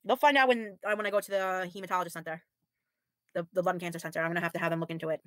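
A woman's voice: fairly low pitch, steady tone, rapid-fire, no echo. Woman in her thirties, worn-out and weary, blunt and sighing, casual livestream chat, dry close sound. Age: 30s. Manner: frank, blunt, sighing, with mild swearing. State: tired, weary. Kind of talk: casual livestream chat reading viewer comments.

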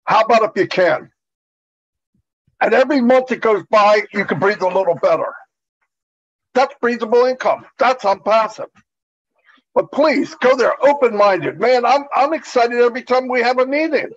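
A man's voice: very high voice, expressive, normal speed, long pauses. A man giving an earnest, repetitive pep talk as a webinar presenter over an online video call. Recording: dull lo-fi call audio.

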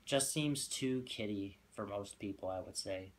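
A man co-hosting a casual product review, joking with goofy hype and deadpan asides. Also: lowish voice, a little slow. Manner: goofy, loud hype bursts, deadpan jokes. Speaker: co-host of a fragrance review channel.

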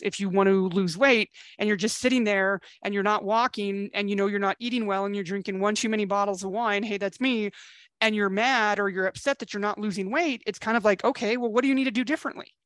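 Middle-aged female dating coach, middle pitch, dry close sound, frank and chatty tough-love delivery. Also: a bit bright, dry recording. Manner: blunt tough-love pep talk, casual and chatty with swearing. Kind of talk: coaching video talk to camera.

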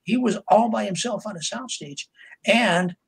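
Here an older author, a podcast interview guest, spins meandering stories at a moderate pace, full of fillers, false starts, and impersonated quotes. His high voice is creaky with a breathy edge, and the recording is rough.

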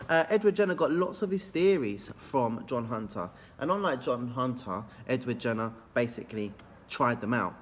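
A man teaching history in an energetic, jokey revision video from a classroom, swooping up in pitch and talking straight to his students. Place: classroom, filmed after school. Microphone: camera facing out toward board.

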